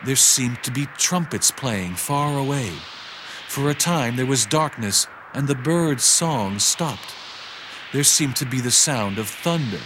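A man narrating a story chapter in an even, measured storytelling voice. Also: medium pitch, noisy background. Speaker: audiobook narrator. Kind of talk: scripted narration.

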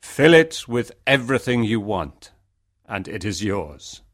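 A man voicing a huge, stern male beast in a storybook reading, speaking slowly and heavily with a commanding manner. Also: on the low side, very animated. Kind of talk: storybook audio acting.

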